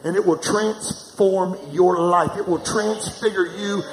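High-voiced preacher in an echoey church. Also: male voice, steady tone, slow. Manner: preaching with call-and-response to the congregation. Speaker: pastor. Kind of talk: sermon. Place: large church hall. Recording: echoey church hall with noise.

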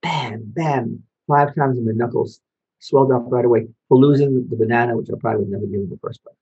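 Speaking to an audience with photos, this Holocaust survivor from Belgium, now an older man, recounts his life and asks the crowd questions, pausing briefly as he tells his story. His mid-range voice is warm and slightly rough, with the highs cut off in the recording.

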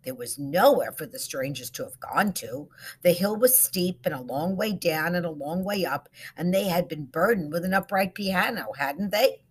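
A woman narrating a suspenseful short story in a hushed, dramatic reading. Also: lowish voice, animated, moderate pace, husky.

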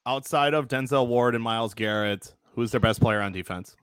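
Young male podcast co-host, mid pitch, dry close sound, blunt and profane. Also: moderate pace, a bit bright, clean tone, no echo. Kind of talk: casual sports debate.

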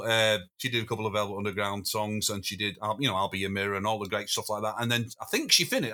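A man's voice: mid-range voice, pushed and bright. A man guesting on a podcast, telling long rambling anecdotes with many restarts and chuckles. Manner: rambling storyteller, self-interrupting, chuckling. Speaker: podcast guest, former drummer. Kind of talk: casual anecdotal chat.

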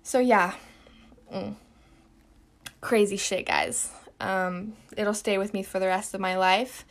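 A woman's voice: mid-range voice, steady tone, slow pace. A young woman hosting a podcast, telling a personal story in an emphatic way, repeating words and swearing casually. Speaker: podcast host.

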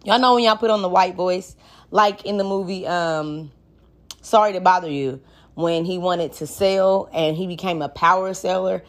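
A woman's voice: on the low side, steady tone, normal speed. A woman hosting a solo podcast, talking casually in a frank, joking and profane way. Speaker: podcast host.

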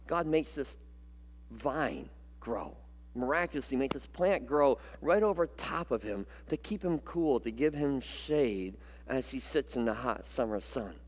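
Brief: male pastor, lively sermon delivery, pitch swings widely, long hall reverb. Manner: animated, repeats words, dramatic pauses.

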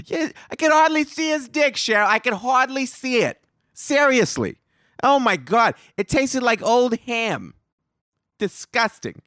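A man voicing a crude, gossiping woman at a hair salon, shrill and oversharing. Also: very animated, a little slow, a bit bright, no room sound, clean studio sound, exaggerated voice. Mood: gossipy disgusted.

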